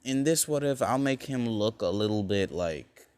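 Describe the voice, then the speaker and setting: A man's voice: on the low side, animated, normal speed, a little mellow, clear, resonant tone, dry recording. A young man casually telling a fan-made alternate story, rambling along with lots of fillers and frequent self-corrections.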